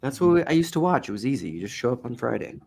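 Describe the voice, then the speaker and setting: A man co-hosting a livestream, chatting in a relaxed, rambling way. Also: medium pitch, rapid-fire, creaky, slight background noise. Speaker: livestream co-host. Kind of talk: casual chat.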